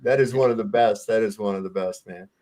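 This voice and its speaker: A man's voice: fairly low pitch, fairly quick, over a noisy crowd. A man chatting casually on a live stream, retelling jokes and acting out the lines. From outside England. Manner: tells jokes in storytelling fashion, acting out dialogue.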